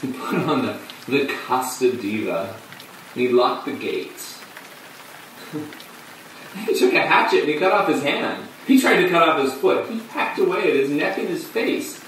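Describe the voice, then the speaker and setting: An actor playing a male off-off-Broadway performer who tells his story in a halting way, with dark, bitter laughs. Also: medium pitch, slight background noise, lightly acted. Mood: rueful. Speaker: actor in a monologue. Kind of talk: stage monologue on film. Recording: distant echoey room with rain.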